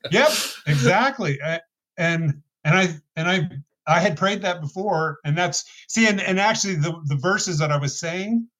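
A man sharing a personal testimony as a podcast guest, talking casually and earnestly with halting restarts. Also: on the high side, fairly bright tone. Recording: dull lo-fi podcast audio.

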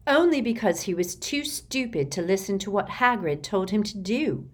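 A woman's voice: mid-range voice, moderate pace, pitched above the performer's own voice, natural voice. Harry, a woman reading a curt teenage boy. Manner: flat, curt. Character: terse angry teenage boy.

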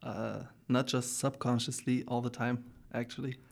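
Flat-voiced man. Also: mid-range voice, normal speed, creaky. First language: German. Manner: relaxed, hesitant, many fillers and soft laughs. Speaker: guest, English learner. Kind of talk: casual interview.

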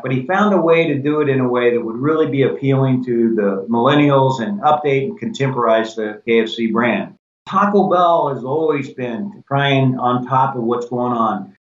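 A man's voice: mid-range voice, moderate pace. An older man talks through business anecdotes and slips into the voices of people he quotes. He sits back from the microphone, and the room gives his voice a roomy echo. The recording sounds a little dull. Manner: animated anecdotes with quoted dialogue. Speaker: guest, former company president. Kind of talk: conversational storytelling. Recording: echoey, distant, dull sound.

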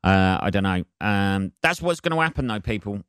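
A man hosts a solo podcast in a loose, rambling monologue. His voice sits low and comes across smooth and clean. He swears freely, trails off into fillers and stays sardonic throughout. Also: expressive, normal speed, a bit bright, no echo, clean studio sound. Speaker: podcast host.

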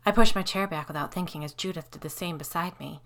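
A woman narrating a first-person supernatural story in a measured, even way. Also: lowish voice. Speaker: audiobook narrator.

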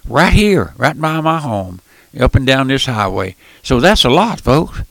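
An older man with a squeaky, folksy voice, preaching a fervent radio sermon and calling his listeners friend and folks. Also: sing-song, unhurried, creaky, fairly bright tone, no echo.

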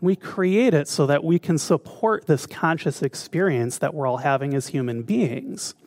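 A man's voice: on the high side, expressive, normal speed, darkish tone, no room sound, clean studio sound. A man giving a conversational spiritual talk as a minister, often putting questions to his listeners. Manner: conversational, asks the audience questions.

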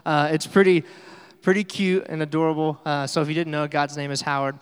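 Upbeat pastor in an echoey hall. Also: male voice, a little high, little pitch movement, fairly quick, clear, resonant tone. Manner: casual, upbeat, coaxing the congregation. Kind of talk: sermon. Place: church hall.

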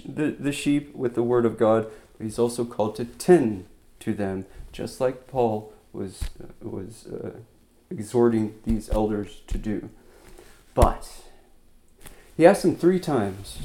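A man preaching a sermon, retelling scripture in plain conversational words, going from loud emphatic lines to quiet soft ones. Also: medium pitch. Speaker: pastor.

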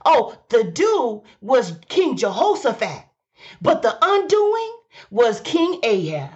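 Fired up lady preacher, high voice swinging all over, kinda muffled recording. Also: huge pitch swings, takes it slowly, darkish tone. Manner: fervent call-and-response preaching, repeating lines for emphasis; exclaims and hums between phrases. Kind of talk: sermon.

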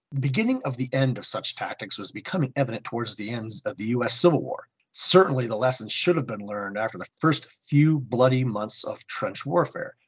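A man's voice: medium pitch, fairly bright tone, slightly rough, low-quality recording. A man hosting a podcast, reading a war comic with theatrical narration and then giving a history segment. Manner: theatrical narration in second person. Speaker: podcast host.

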